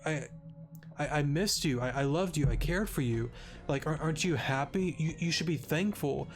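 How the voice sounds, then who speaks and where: A man's voice: a little high, normal speed, soft background music, natural voice. A man voicing a distraught young woman who stammers and pleads with her love. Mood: pleading.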